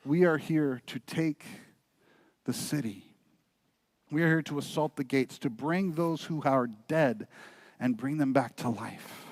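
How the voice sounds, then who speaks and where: A man's voice: medium pitch, measured pace, no echo. A male pastor preaching a sermon, telling a story and urging his listeners earnestly. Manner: storytelling, building to earnest, quieter exhortation. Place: church.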